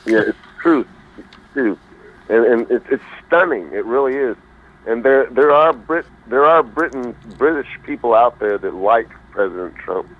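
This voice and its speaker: A man calling in to a radio talk show, rambling in a folksy way and pausing to search for his words. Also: medium pitch, expressive. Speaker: caller. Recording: phone-line call.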